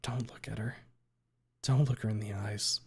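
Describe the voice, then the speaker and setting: A man reading aloud, voicing a remorseful young woman high schooler who breaks into anguished, swearing outbursts, in a dramatic fan fiction reading. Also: fairly even intonation, normal speed, creaky, slightly rough, full character voice. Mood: choked up. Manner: anguished, shouting and swearing in bursts.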